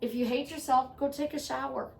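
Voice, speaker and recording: Speaking to camera in an echoey room, somewhat distant from the microphone, this woman gives a motivational monologue as a self-help vlogger. Her high voice is steady, a little mellow, and fairly quick, with vocal fry. She's earnest and conversational, and she repeats phrases to drive points home.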